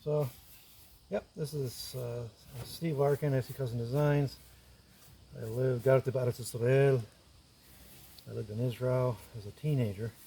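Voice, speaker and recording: A man's voice: medium pitch, fairly even intonation, a little slow, gravelly, pauses often, dark tone, a little hiss or hum. A man narrating his woodworking step by step, thinking aloud as he works in his shop. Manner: thinks aloud, explains each step as he goes. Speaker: woodworker and video host. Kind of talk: casual workshop narration while working. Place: woodshop.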